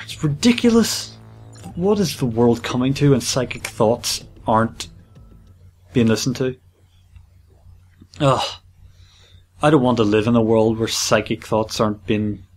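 A man giving casual gameplay commentary as a gaming channel host, playful and jokey with excitable rambling. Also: medium pitch, unhurried, pauses often, a little hiss or hum.

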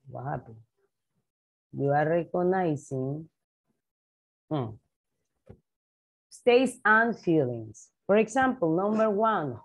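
Slow-speaking woman teaching English. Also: mid-range voice. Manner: slow, repetitive drilling of vocabulary words. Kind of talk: online class for young children.

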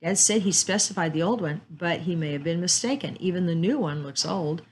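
A woman's voice: lowish voice, brisk, a little hiss or hum, lightly acted. A woman reading as an eager teenage boy. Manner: eager and excited.

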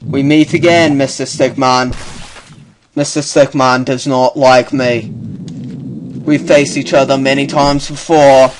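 A man doing a hushed wildlife-show narrator. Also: medium pitch, little pitch movement, a little slow, background noise, close to an everyday voice. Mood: documentary. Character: impression of a male TV survival presenter narrating.

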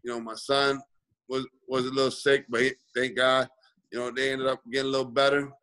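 Bright-voiced man telling a story. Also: mid-range voice, level tone, brisk, clear, resonant tone, low-quality recording. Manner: rambling, many "you know" fillers. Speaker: guest boxer. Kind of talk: casual storytelling in a video-call interview. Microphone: video call.

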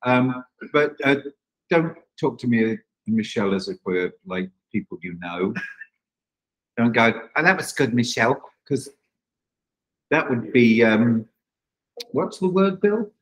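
A man's voice: mid-range voice, sing-song, slow, pauses often, rough recording. Man, host of a reading, wry and joking, live room crowd. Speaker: organizer hosting a play reading. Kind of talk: casual live introduction. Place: room with a small live audience.

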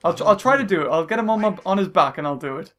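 A man doing jokey gameplay commentary as a let's play host, excitable and often shouting at the screen. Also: high voice, rapid-fire, slight background noise. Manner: excitable and jokey, yelling at the game. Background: game music.

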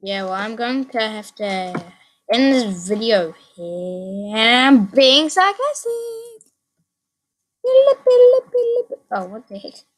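With slight background noise behind her, a woman with a fairly high voice plays through a game on her own channel at a slow pace. She's excitable, repeating phrases and yelping suddenly as she comments.

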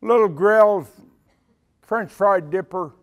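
An older man, a retired senior military leader, giving a talk as an animated storyteller who acts out the dialogue. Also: high voice, slow pace. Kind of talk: storytelling speech to an audience.

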